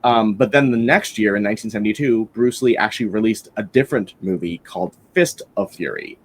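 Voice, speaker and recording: A man's voice: lowish voice, a little fast, slight background noise. A man hosting a casual film-review podcast, rambling enthusiastically with lots of fillers and restarts.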